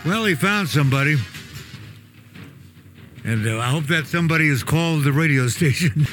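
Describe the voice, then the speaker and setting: A man's voice: on the high side, normal speed, a bit bright, faint music behind. A man hosting a radio talk show, joking around and laughing often as he chats.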